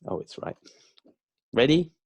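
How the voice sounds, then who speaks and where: A man teaching beginner English, drilling words slowly with emphatic repetition. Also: on the low side, sing-song, dry recording.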